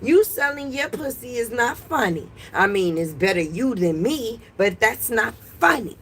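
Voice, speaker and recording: A woman's voice: fairly high pitch, animated, unhurried, a bit bright, breathy edge. A woman hosting a casual livestream from her porch, brash and profane, scolding her chat. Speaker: livestream host. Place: porch outdoors.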